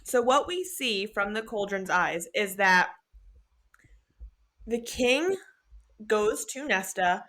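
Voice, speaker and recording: A young adult woman co-hosting a podcast, recapping a book in casual chat, animated and sweary, acting out the characters' lines. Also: mid-range voice, slow, long pauses. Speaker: podcast co-host.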